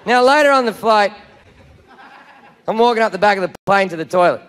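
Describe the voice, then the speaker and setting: Crude, shouty Australian comedian. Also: male voice, high voice, expressive, brisk. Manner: crude, swearing, shouty storytelling. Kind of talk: stand-up comedy. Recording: live show with loud crowd noise.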